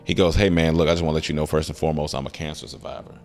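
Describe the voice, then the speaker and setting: A young man chatting casually on a podcast as a guest, telling an animated story and acting out the voices of the people in it. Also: a bass voice, rapid-fire, soft background music. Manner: animated storyteller who acts out quoted voices.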